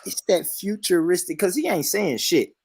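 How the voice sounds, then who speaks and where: An animated, middle-aged man with a Southern American accent, his pitch leaping up and down as he jokes. He talks with a slightly higher voice, laughing often, and the sound is dry and close. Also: moderate pace, gravelly, slightly rough, no echo. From Southern United States. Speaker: host. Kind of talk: casual panel chat.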